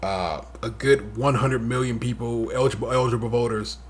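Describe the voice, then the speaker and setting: A man co-hosting a podcast in casual chat, talking in animated, profane bursts and mocking the people he talks about. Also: mid-range voice, brisk. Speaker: podcast co-host.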